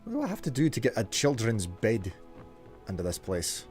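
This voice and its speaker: A man streaming a game live, chatting and joking as he reacts out loud to what happens in it. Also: fairly low pitch, wildly swooping pitch, normal speed, soft background music. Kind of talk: live gameplay commentary.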